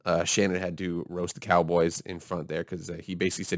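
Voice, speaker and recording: A man's voice: deep voice, little pitch movement, fast, hardly any pauses, no room sound, clean studio sound. A man hosting his own sports video channel, talking in a casual, blunt and ranting way. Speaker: YouTube sports channel host. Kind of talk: casual vlog commentary.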